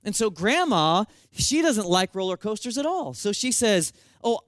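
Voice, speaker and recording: Animated, lively-voiced male preacher. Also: high voice, normal speed, no room sound. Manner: animated storytelling, self-mocking humor. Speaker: pastor. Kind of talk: sermon.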